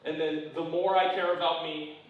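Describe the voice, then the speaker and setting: A man preaching a conversational sermon in a church, who repeats his phrases, keeps asking "right?" and drops low and quiet on serious points. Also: level tone, moderate pace, very echoey, recorded from a distance, phone-quality sound. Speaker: pastor. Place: church sanctuary.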